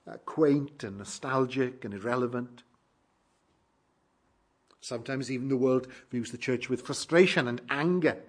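A man preaching a sermon to his congregation, measured and emphatic, slowing down to stress key phrases. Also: a little high, slightly rough.

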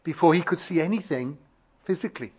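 A man delivers a sermon in a somewhat high voice. He speaks fervently, stacking phrases and swelling louder on key words. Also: breathy edge. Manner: repeats and builds phrases in a measured cadence. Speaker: preacher.

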